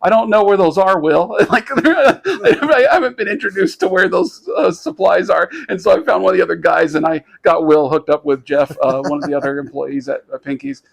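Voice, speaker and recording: A man co-hosting a podcast, telling a story in casual chat, rambling and halting with many fillers, lively when he quotes others. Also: a little high, vocal fry. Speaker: podcast co-host.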